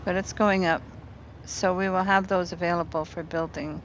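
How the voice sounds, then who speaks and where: Chatting casually with her viewers, a woman streams a game from her apartment and reasons aloud while building. Her voice is on the low side with a steady tone at normal speed, and the dull audio has slight background noise.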